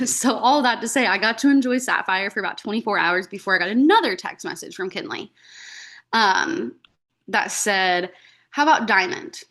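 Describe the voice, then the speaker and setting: A woman's voice: medium pitch, expressive, normal speed, a bit bright. A woman sharing a personal story as a guest speaker on a team video call, chatty, with frequent fillers and acted-out quotes of her own past words.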